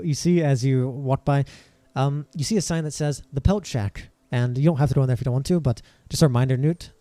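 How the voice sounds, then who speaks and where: Male game master, warm dark voice, casual halting narration, dry sound. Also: medium pitch, dry recording. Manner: relaxed, halting with many fillers.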